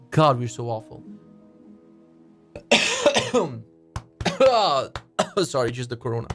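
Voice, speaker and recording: A man streaming casually, his talk full of swearing and sarcastic rants. His pitch sits in the middle for a man. Faint music runs under his voice. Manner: profane, ranting, sarcastic. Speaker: livestream host. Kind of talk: casual live-stream chat.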